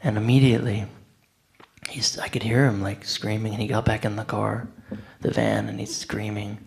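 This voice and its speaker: A man with a gravelly, creaky voice tells a story in a loose, conversational way. He is animated, acting out what others said with filler words in between. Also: lowish voice, moderate pace. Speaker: devotee speaker. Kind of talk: anecdotal storytelling talk.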